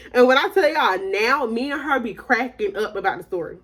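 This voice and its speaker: A woman's voice: a little high, fairly bright tone, slightly rough. A young adult woman telling her viewers a story in a slangy, casual storytime, often laughing as she talks. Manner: chatty and slangy, addressing viewers as y'all.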